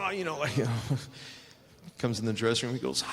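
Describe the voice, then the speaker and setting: An older man, a retired wrestler, telling animated stories as a guest at a live fan Q&A and acting out the quotes. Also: mid-range voice, fast, gravelly, pauses often, big-room sound. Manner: animated anecdotes with acted-out quotes.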